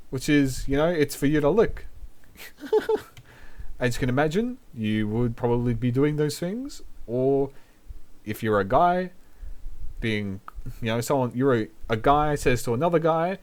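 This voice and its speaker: A man's voice: mid-range voice, animated, a little slow, a little mellow. Laid-back New man swearing casually. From New Zealand. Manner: laid-back, profane, laughs often. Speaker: VTuber host. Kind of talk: casual language lesson.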